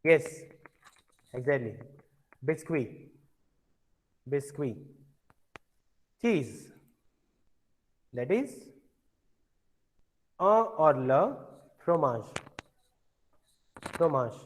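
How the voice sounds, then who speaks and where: Male teacher, slow and patient, repeats words for the class; a lightly raised voice. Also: a little high, sing-song, poor audio. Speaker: French teacher. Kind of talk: classroom language lesson.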